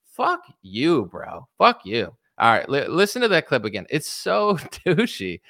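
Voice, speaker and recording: A man rants in sarcastic, mocking commentary and swears freely. His voice is bright and forceful and sits a little high. It is recorded close and dry. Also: wildly swooping pitch, unhurried, creaky, no room sound. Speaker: online commentator. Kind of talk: ranting commentary.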